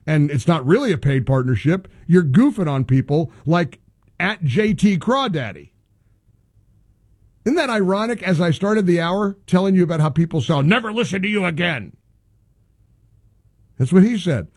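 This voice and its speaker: A middle-aged man hosting a talk radio show, ranting in an exasperated, animated way. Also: sits high, normal speed, dry recording, studio quality. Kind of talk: casual talk radio monologue.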